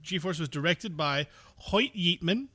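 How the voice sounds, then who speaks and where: A man's voice: on the high side, lively intonation, a little slow, pushed and bright. A man hosting a movie podcast, chatting casually and reading out film credits with dry sarcasm. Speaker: podcast host. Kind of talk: casual movie review chat.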